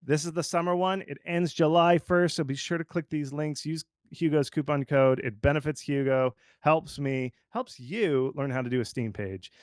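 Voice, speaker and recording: A man with a slightly high voice gives game marketing advice in a loose, animated way. He leans heavily on fillers and asides. His voice sits dry and close, with no room sound. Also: normal speed, few pauses, dry recording. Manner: animated and informal, lots of fillers like "like". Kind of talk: conversational expert commentary.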